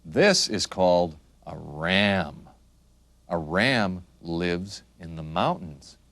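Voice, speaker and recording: A man teaching young children the names of animals in a slow, sing-song way, making the animal sounds. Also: low-pitched, expressive, fairly bright tone, dry recording. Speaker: children's video narrator.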